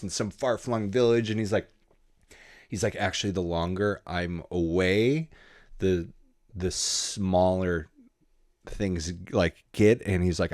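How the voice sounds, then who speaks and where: A man telling travel stories in a relaxed, casual way in a podcast interview, often swearing and acting out what people said. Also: sits low. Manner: laid-back, swearing, acts out dialogue. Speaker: guest photographer.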